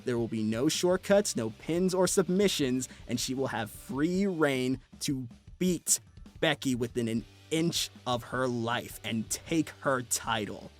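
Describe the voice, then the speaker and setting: A man giving scripted narration for a wrestling video, brisk and animated. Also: mid-range voice, faint music behind.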